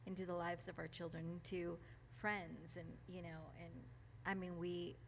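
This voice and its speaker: A woman speaking at a church gathering, reading a passage and reflecting on it, emotional and quick to laugh, with many ums and restarts. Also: fairly low pitch, little pitch movement, slight background noise. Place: church meeting room.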